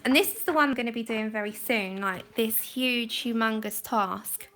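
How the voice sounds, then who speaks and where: A woman with a slightly high voice chats casually to her viewers while colouring. She laughs often and pokes fun at herself as she explains her steps. She speaks into a phone mic at her desk at home. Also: normal speed, a bit bright, a little hiss or hum. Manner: giggly, laughs often, chatty and self-deprecating. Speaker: livestream host.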